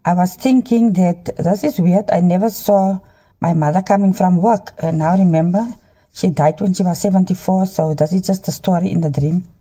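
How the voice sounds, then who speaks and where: Middle-aged woman, phone selfie in a car, earnest halting testimony, dark husky tone. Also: on the low side, fairly even intonation. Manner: halting, many ums, preachy urging. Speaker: Christian dream sharer. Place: inside a car. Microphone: handheld phone.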